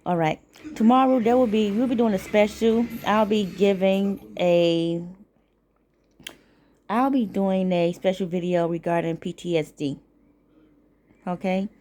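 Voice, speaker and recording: A woman's voice: mid-range voice, unhurried, long pauses, slight background noise. Chatty woman vlogging from bed. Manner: chatty, swears freely, animated retelling. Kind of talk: casual storytelling vlog. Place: lying in bed at home.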